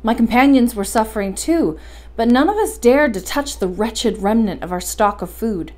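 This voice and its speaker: A woman reading a classic adventure novel aloud as a bedtime story, in calm, measured storybook narration. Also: a little high. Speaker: library storyteller.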